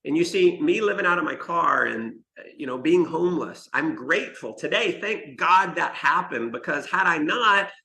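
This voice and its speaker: Gravelly, bright-voiced motivational man. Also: fairly high pitch, lively intonation, moderate pace, poor audio. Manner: emphatic storyteller who speaks straight to the listeners. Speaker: motivational speaker. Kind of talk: motivational talk to an online summit audience.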